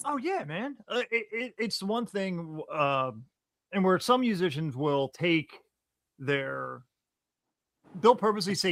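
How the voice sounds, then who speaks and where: A man hosting a podcast over a video call, chatting casually, animated and swearing freely. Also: high-pitched, measured pace, dry recording. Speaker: podcast host.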